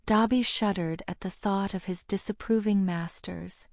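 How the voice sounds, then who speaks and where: A woman narrating a fan fiction audiobook in a steady, measured reading. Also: mid-range voice, gravelly, no echo, studio quality.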